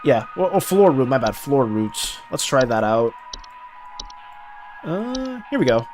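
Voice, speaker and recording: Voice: medium pitch, big pitch swings, a little slow, darkish tone, soft background music. A streamer chatting casually with viewers while playing and reading game text aloud.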